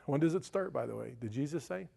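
Gravelly-voiced man telling a sermon story. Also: on the high side, animated, quick pace, mellow. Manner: folksy, chatty with frequent "right?" asides. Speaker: pastor.

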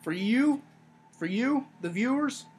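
A man with a high, light voice runs through his review in loose, rambling chatter and doubles back on his own points with sarcastic asides. A faint hiss sits under the recording. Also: lively intonation, slow pace, darkish tone. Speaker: wrestling review podcast host. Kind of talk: casual solo review talk.

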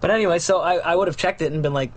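A man's voice: fairly high pitch, racing. A man co-hosting a podcast in casual news-chat style, rambling and joking, with plenty of swearing. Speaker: podcast co-host.

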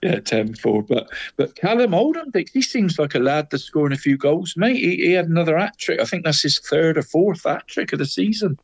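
Bloke chatting footy scores, keeps saying mate, fairly high voice, dry sound. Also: male voice, very animated, a little fast, hardly any pauses, breathy edge, dry recording. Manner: chatty, says "mate" constantly, laughs at own slips. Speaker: football radio co-host. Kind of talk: casual sports results chat.

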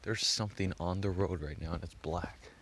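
Low-voiced young man rambling. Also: normal speed, a bit bright, slight background noise. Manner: rambling, swears a lot, heavy use of "like". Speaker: vlogger. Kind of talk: casual rambling vlog.

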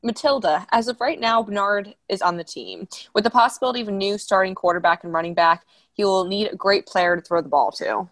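A woman reading the part of a team coach in a casual script read, brisk and plain. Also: mid-range voice, fairly bright tone, no echo, lightly acted. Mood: matter-of-fact. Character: coach answering a reporter.

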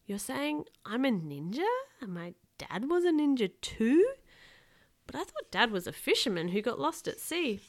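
A woman reading aloud, voicing a nervous ten-year-old boy in a high, squeaky, bewildered voice. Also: very animated, normal speed.

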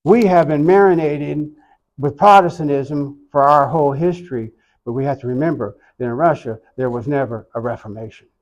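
An older man from Oklahoma with an Oklahoman accent, telling his own story in an interview in a reflective, unhurried way with soft asides. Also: fairly high pitch, lo-fi sound.

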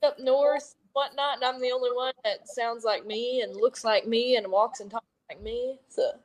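A twenty-one-year-old woman from Kentucky with an Appalachian accent, a wrestler talking loudly and rambling in an interview. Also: on the high side, steady tone, normal speed. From Kentucky, USA. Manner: loud, rambling, self-deprecating. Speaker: professional wrestler. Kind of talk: casual interview chat.

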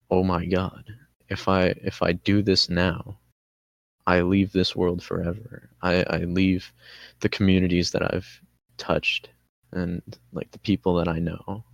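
A man as a podcast guest telling a personal story in casual conversation, halting and candid, often restarting his sentences. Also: sits low, level tone, creaky, dry recording.

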